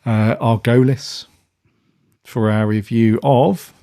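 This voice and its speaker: A man in his forties co-hosting a podcast. He chats in a relaxed way, his voice middling in pitch, with plenty of fillers as he goes. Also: slow. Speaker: podcast co-host. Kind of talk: casual chat.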